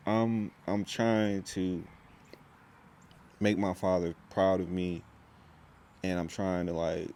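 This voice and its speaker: A man's voice: low-pitched, level tone, slow pace, pauses often, dark tone, a little hiss or hum. A young man talking to camera in a rambling, intense vlog monologue, full of restarts and slang. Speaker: vlogger.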